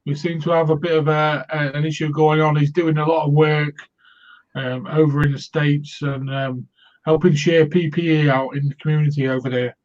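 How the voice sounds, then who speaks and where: Guy hosting a chatty stream, slightly high voice, rambly, dull lo-fi call sound. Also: little pitch movement, moderate pace, darkish tone. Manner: rambling, full of fillers, joking. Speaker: host. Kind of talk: casual livestream chat. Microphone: video call.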